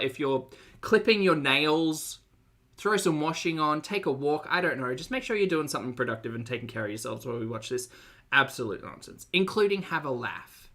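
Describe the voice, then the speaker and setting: A man's voice: on the high side, expressive, moderate pace, bright, forceful tone. A young Australian man hosting a live-stream reaction, chatty and joking as he greets viewers by name. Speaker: streamer and host.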